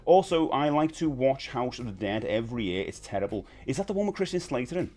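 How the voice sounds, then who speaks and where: A man's voice: mid-range voice, very animated, quick pace, darkish tone. A man, hosting a casual live stream and chatting with viewers in a rambling, friendly way. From United Kingdom. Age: 50s. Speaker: livestream host.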